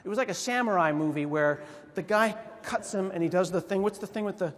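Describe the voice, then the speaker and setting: Animated man telling stories in a big hall. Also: high-pitched, a little fast. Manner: animated storytelling with quoted voices. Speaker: conference speaker. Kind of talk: humorous conference talk. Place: large conference hall. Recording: reverberant hall.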